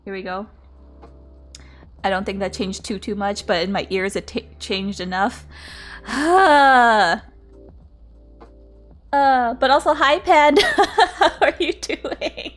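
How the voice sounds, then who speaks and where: A woman's voice: medium pitch, moderate pace, soft background music. A woman streamer in casual livestream chat, chatty and laughing often.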